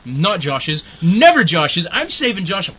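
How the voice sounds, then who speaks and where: A young man ranting profanely in a casual chat, rambling and breaking into angry shouting. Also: sits high, big pitch swings, measured pace, slightly rough. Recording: muffled lo-fi recording with faint hiss.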